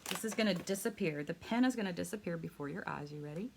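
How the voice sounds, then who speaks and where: A woman teaching a live hand-lettering class online. She talks fast and excitedly, chatty and encouraging, and laughs often. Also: on the low side, vocal fry, noisy background. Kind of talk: live online craft lesson.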